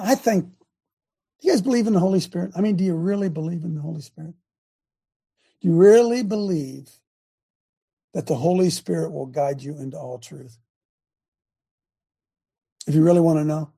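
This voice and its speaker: A man's voice: fairly high pitch, normal speed, gravelly, pauses often, dark tone, husky. A man hosting an online faith show, preaching casually to a live audience. He talks straight to viewers with lots of repeated questions and often restarts his sentences.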